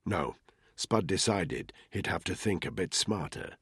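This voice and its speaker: A male audiobook narrator with a very deep, husky voice that moves lively up and down as he tells the story. His delivery is tense and measured, read as scripted narration. The recording is dry and close, with no room sound. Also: no echo.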